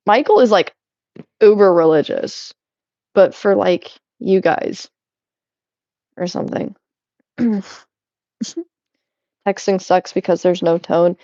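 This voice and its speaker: A young woman casually vlogs while sorting through things at home, chatting in a rambling way, often cutting herself off to laugh. Her voice is fairly low and dark, and she speaks slowly with long pauses. The recording is dry, with the high frequencies cut off.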